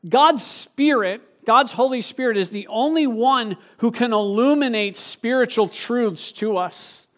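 A male pastor giving a sermon in a joking, conversational way, stumbling over his words when excited. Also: very high-pitched, unhurried.

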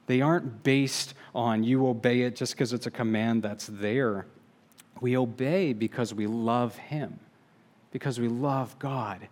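This preacher delivers his sermon with earnest deliberation, easing his pace on the phrases that matter most. He speaks at a medium pitch, and his tone leans dark.

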